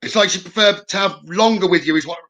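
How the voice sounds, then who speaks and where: A man's voice: high voice, fast talker, bright, forceful tone, poor audio. A man giving spirit messages as a psychic medium, reassuring and punctuating with "okay?". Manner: reassuring, keeps adding "okay?". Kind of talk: live spirit-message reading.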